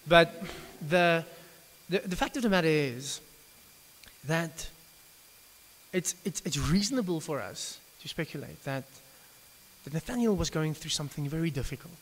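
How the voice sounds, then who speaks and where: Preacher in a reverberant hall. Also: male voice, fairly high pitch, expressive, normal speed, fairly bright tone. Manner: conversational, with frequent stammered restarts. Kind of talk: evening sermon. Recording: reverberant hall with faint hiss.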